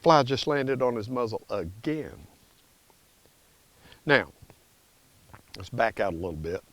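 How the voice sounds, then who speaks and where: Middle-aged male dog trainer at home, average pitch, relaxed talk with clipped commands. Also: takes it slowly, no room sound. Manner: explains conversationally, then gives short firm commands to a dog. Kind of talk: casual instructional vlog. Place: home kitchen.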